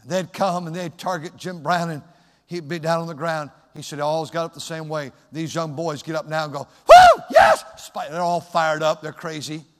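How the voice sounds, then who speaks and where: A high-pitched man preaches a sermon in a church sanctuary. His voice echoes with a long hall reverb. He drifts between soft, low storytelling and loud, shouted calls to the congregation. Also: steady tone, fairly quick.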